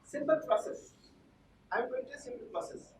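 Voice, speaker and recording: A woman giving a classroom lecture, repeating her points and quizzing the class. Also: moderate pace. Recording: echoey room, far from the mic, noisy.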